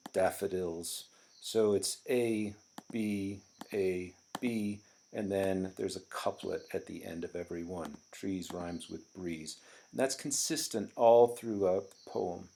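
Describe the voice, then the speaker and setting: Slow, gravelly-voiced male teacher. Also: fairly low pitch, a little mellow. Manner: explanatory, with frequent ums and restarts. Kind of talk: classroom poetry lecture.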